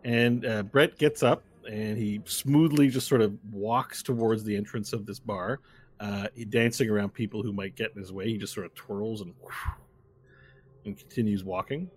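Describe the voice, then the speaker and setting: A man narrating a tabletop game as game master, in a relaxed, meandering way. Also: on the low side, a little hiss or hum.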